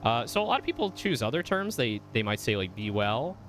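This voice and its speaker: A man's voice: medium pitch, sing-song, fairly quick, fairly bright tone, faint music behind. A man streaming a video game, chatting casually with viewers in a rambling way and often swearing when the game gets heated. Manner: chatty, rambling asides with many fillers. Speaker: vtuber streamer. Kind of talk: casual gaming stream chat.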